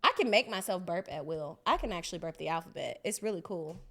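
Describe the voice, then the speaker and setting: A woman's voice: lowish voice, lively intonation, quick pace, a bit bright. A young woman co-hosting a podcast in loose, giggly casual chat. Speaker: podcast co-host.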